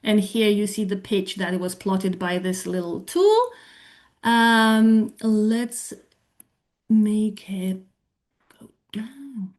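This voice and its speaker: A woman presents a talk at a slow, deliberate pace, talking through a live software demo. She explains as she thinks, backing up and rephrasing mid-sentence, with a voice pitched in the middle range for a woman. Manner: explanatory, thinking aloud, self-correcting. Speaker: presenter on medical English teaching.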